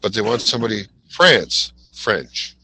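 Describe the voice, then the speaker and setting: A man chimes in with wry, teasing asides during a relaxed conversation. His voice is bright and sharp, and he pitches it in a middle register. A faint hum sits behind him. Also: unhurried, gravelly, rough recording. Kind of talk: casual chat.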